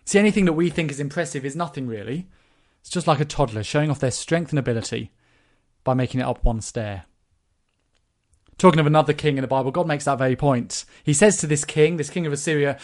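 A man's voice: fairly high pitch, fast, darkish tone. A man preaching a sermon, explaining scripture with rhetorical questions.

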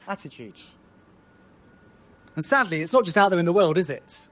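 Guy preaching a sermon, kinda high voice, keeps asking the room questions. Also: expressive, moderate pace. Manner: rhetorical, asks the listeners questions.

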